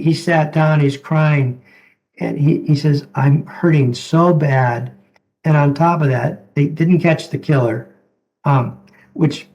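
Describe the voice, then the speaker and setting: A gentle, halting man talks at an unhurried pace. His voice sits a little high with a gravelly edge and a mellow, darker tone. He is a doctor telling stories as an interview guest. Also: muffled recording. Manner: gentle, halting, repeats words. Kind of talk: reflective storytelling in conversation.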